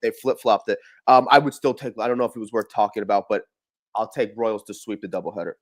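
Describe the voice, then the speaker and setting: A man's voice: fairly low pitch, fast talker. Casual male baseball co-host. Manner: loose, swearing, animated picks. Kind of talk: casual sports talk.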